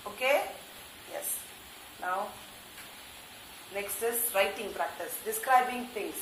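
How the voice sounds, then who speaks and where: A fairly high-voiced woman with an Indian English accent leads an English lesson, sounding words out one at a time with careful emphasis. The room is echoey, and a faint hiss sits under her voice. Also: fairly bright tone. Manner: slow, emphatic word-by-word pronunciation drills. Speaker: English teacher. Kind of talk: recorded online class lesson.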